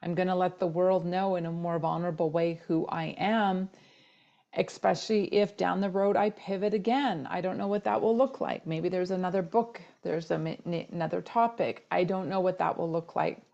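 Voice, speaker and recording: A woman's voice: on the low side, moderate pace, vocal fry, mellow, muffled recording. A middle-aged woman hosting a solo podcast, telling a personal story in a candid, casual way with plenty of fillers. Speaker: podcast host.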